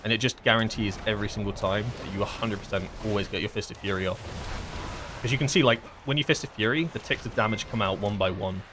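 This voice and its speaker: A man's voice: on the low side, fast, noisy background. A man streaming a game and explaining mechanics in a casual, rambling way with lots of fillers. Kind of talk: casual gameplay commentary.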